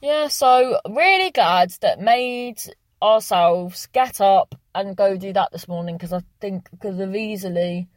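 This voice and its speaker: A woman's voice: mid-range voice, measured pace, dry recording. Rambling young Englishwoman chatting in her car. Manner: rambling, swears freely, chatty. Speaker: vlogger. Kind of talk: casual chatty vlog monologue. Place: sitting in a parked car.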